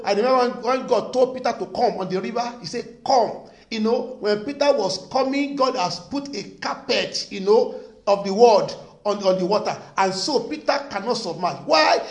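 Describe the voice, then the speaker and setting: A pastor delivers a sermon in a strikingly high, animated voice that rises and falls widely. He is emphatic, hammering phrases again and again and throwing questions at the congregation. The sound carries a roomy echo. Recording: echoey room.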